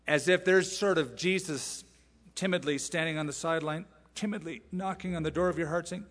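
A man's voice: on the high side, brisk, a bit bright. A male pastor preaching an expository sermon, emphatic and full of rhetorical questions and asides. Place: large church sanctuary. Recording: long reverb in a large hall.

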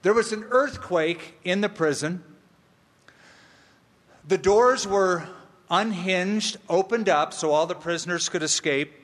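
A man's voice: high-pitched, takes it slowly, long pauses, a bit bright. A man pastor preaching a sermon, emphatic and humorous, repeating key phrases for weight. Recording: long reverb of a large hall.

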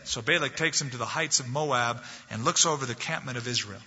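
Bright husky-voiced male preacher. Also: medium pitch, fast talker, hardly any pauses. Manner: storytelling, animated and emphatic. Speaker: pastor. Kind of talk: sermon. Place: church sanctuary. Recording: dull lo-fi recording in an echoey hall.

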